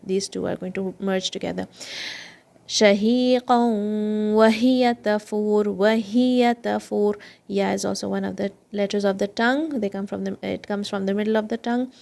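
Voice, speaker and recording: A woman teaching children Quran recitation and tajweed, patiently explaining meanings and repeating each word slowly. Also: medium pitch, creaky, a little mellow.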